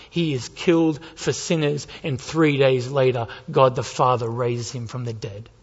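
A man preaching from the pulpit, his slightly high voice swelling into urgent, almost shouted appeals. Long reverb from the sanctuary trails each phrase. The sound is a little muffled and dull. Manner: impassioned preaching, building to urgent near-shouts. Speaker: pastor. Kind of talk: sermon. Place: church sanctuary.

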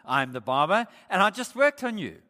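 A man voicing a calm, puzzled male barber in a story told in a sermon. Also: high voice, normal speed, heavily acted. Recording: echoey hall.

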